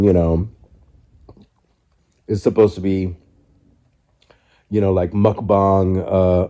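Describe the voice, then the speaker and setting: Recorded on his phone while eating on the living room couch, this vlogger in his forties speaks reflectively and candidly in a casual mukbang vlog, often restarting loosely. His low-pitched voice is warm, though the audio is dull.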